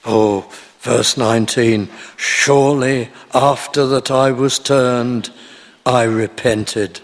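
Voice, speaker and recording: A man's voice: mid-range voice, fairly even intonation, slow, in a large hall. A man preaching a sermon, earnest and pleading, pressing his questions to the congregation with rising emphasis.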